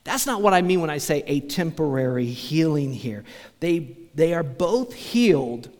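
A man's voice: a little high, animated, measured pace, a little mellow. A man preaching a sermon as pastor, talking conversationally and asking the congregation rhetorical questions. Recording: long church reverb.

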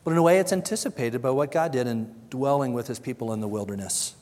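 A man's voice: mid-range voice, fast, darkish tone, big-room sound, a little hiss or hum. A man preaching a sermon, earnest and conversational, who briefly acts out the voices of the people he quotes and often repeats his words. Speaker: pastor.

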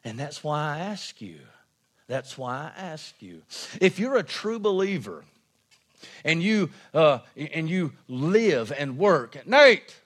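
A man preaching a sermon to his congregation, animated and expressive, swinging between loud emphatic lines and hushed ones. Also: fairly high pitch, slow pace, slightly rough. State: out of breath. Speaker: pastor.

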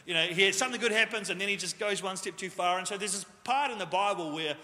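A man's voice: sits high, quick pace, pushed and bright. A man preaching a sermon as pastor, jokey and conversational, in a church hall with a long reverb. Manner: jokey, self-deprecating, conversational.

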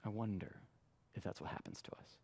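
A man preaching a sermon in a conversational way, acting out quotes with lively voices. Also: fairly low pitch, a little fast. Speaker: pastor.

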